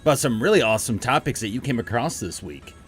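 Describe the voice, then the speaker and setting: A man's voice: mid-range voice, lively intonation, fast, faint music behind. A young man co-hosting a podcast in casual chat, joking and teasing, slipping into funny voices to mimic people. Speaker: podcast co-host.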